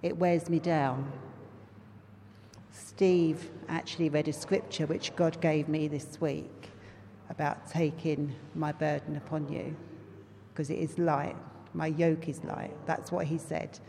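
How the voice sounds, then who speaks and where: A woman's voice: low-pitched, little pitch movement, slow pace, vocal fry, mellow, big-room sound, slight background noise. A woman with a London accent giving an earnest, conversational testimony sermon to a congregation. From England. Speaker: lay preacher.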